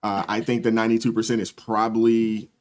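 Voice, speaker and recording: A man hosting a live stream, casually reading viewer comments aloud and chatting in a relaxed, agreeable way. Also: fairly low pitch, fairly quick. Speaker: host.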